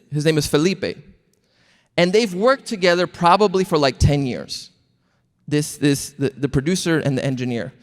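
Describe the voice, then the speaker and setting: High-voiced pastor preaching in a reverberant hall. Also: male voice. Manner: animated storytelling, acting out quotes. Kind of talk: sermon. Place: large church hall.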